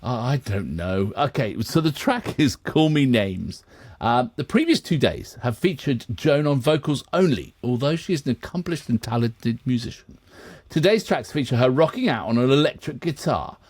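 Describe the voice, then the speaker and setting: A man's voice: mid-range voice, animated, moderate pace, a little mellow, no room sound. Guy, bouncy up and down voice, reads out notes, laughs lots. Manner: laughing often, steering the talk back on track. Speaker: co-host of a music reaction channel. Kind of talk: casual chat and reading notes.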